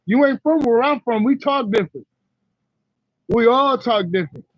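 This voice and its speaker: Male streamer, very high voice, blunt rambling slang, dry muffled mic. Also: lively intonation, normal speed, no echo. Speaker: livestream host. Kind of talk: casual livestream chat to viewers.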